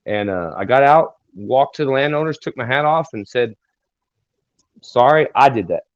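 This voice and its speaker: A man telling a long personal story in a halting, rambling way as an interview guest. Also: mid-range voice, animated, no echo. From Texas. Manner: rambling, halting, many fillers and restarts. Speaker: guest singer-songwriter. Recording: dry, dull lo-fi sound.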